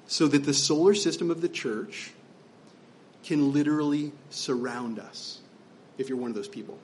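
A man's voice: fairly high pitch, normal speed, a little mellow, slight background noise. A man preaching as pastor, conversational and emphatic, asking his listeners rhetorical questions. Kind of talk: sermon.

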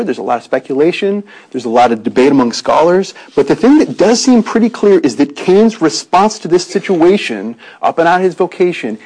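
Husky earnest man preaching a sermon. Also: mid-range voice, darkish tone, rough recording. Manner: earnest, conversational, frequent restarts and rhetorical questions.

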